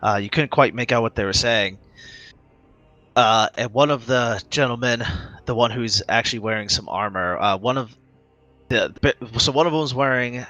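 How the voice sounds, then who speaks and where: A man's voice: on the low side, sharp tone, no echo, dull audio. A man narrating as game master in a casual, filler-heavy way.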